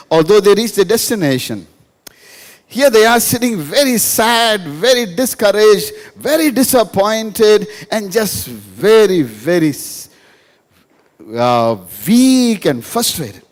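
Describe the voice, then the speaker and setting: A male pastor preaches a humorous sermon to a live audience in a school hall, telling jokey stories and repeating lines for emphasis. His voice sits high, animated but slow, and the hall is reverberant.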